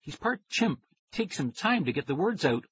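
A high, bright young girl, eager and bossy with her brother, as a man puts her on for a storybook. Her voice leaps up in pitch and carries a slight huskiness over a dull, dry recording. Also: sing-song, normal speed, a little hiss or hum. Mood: insistent.

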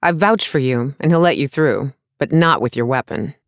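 A man's voice: mid-range voice, moderate pace, no room sound, clean studio sound, voice pushed up, close to an everyday voice. A male narrator voicing a small, brusque, sarcastic woman artificer who talks bluntly and impatiently. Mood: wry.

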